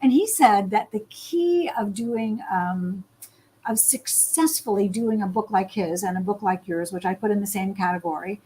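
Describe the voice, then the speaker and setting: A woman's voice: mid-range voice, normal speed, dark tone, husky, low-quality recording. A woman interviewing an author in a live online chat, enthusiastic and effusive. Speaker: interviewer, host.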